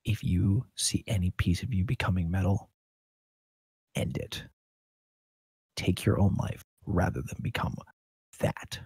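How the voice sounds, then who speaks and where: A man voicing a grim warrior who leans in close and gives a hushed, confiding warning. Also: sits low, animated, measured pace, vocal fry, long pauses, breathy edge, dry recording, exaggerated voice.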